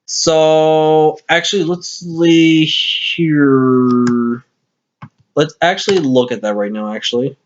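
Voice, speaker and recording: A man's voice: fairly high pitch, takes it slowly, slight background noise. A tired man giving casual commentary over a game replay, rambling and correcting himself as he goes. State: tired, hiccuping. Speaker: gaming commentator. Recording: lo-fi screen-capture mic.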